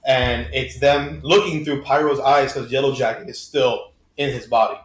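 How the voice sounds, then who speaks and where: A man's voice: mid-range voice, moderate pace, a little hiss or hum. A man co-hosting a casual podcast chat, recapping comic book plots in upbeat detail. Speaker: podcast co-host. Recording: echoey room.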